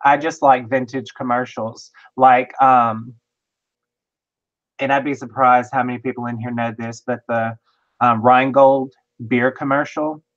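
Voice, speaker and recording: A co-host calling bids during a casual livestream auction, brisk and quick with the numbers between bits of easy chat. The voice sits at a middle pitch, and the audio is dull and lo-fi. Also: flat delivery.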